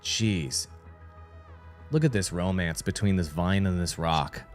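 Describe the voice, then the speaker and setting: A man hosts a game livestream in loud, goofy, mock-excited banter. His voice sits a little low. Faint music plays behind him. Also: takes it slowly. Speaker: host. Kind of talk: hyped joking livestream banter.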